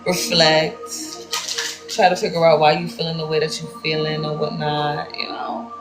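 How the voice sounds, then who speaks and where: A woman's voice: low-pitched, completely flat delivery, normal speed, reverberant, loud music behind the voice, low-quality recording. A woman from New York with a New York accent gives a casual spiritual card reading. She speaks in loose slang, swears freely and calls her listeners "baby".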